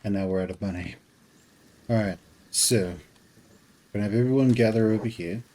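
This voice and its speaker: A man with a fairly low voice gives casual commentary while he plays a game. He thinks out loud, trails off and restarts his sentences as he goes. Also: brisk, low-quality recording. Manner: thinks aloud, rambling with restarts. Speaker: game streamer.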